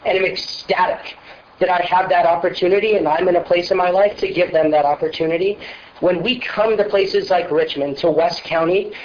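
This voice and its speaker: A man speaking as a parent at a board hearing, sincere and measured in tone. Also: high voice. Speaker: parent giving public comment. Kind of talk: personal public comment at a board hearing. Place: public board meeting room. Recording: muffled meeting-room audio with faint hiss.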